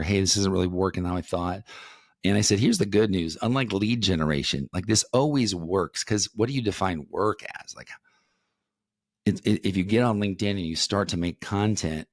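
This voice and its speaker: A man's voice: low voice, no echo, clean studio sound. A man hosting a podcast, talking casually and frankly with rambling asides and the occasional swear. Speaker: podcast host. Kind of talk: casual conversational interview.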